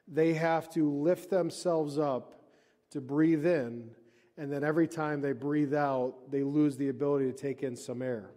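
A man preaching a sermon as pastor at a church service, moving from emphatic reading to hushed, intense explanation. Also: fairly high pitch, long reverb tail.

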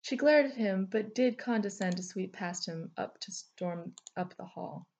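A woman narrating a fantasy novel with expressive storytelling. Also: mid-range voice, measured pace, gravelly. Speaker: audiobook narrator. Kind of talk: fiction narration.

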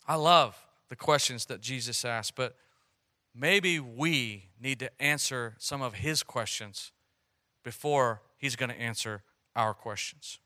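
Male pastor, bright ringing voice, earnest sermon delivery with swells of emphasis. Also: mid-range voice, measured pace.

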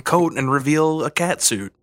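A man with a bright, sharp tone trades teasing quips on a podcast. The sound is dry and close, with no room around it. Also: a little high, animated, moderate pace, dry recording. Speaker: podcast co-host. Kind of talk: casual jokey chat.

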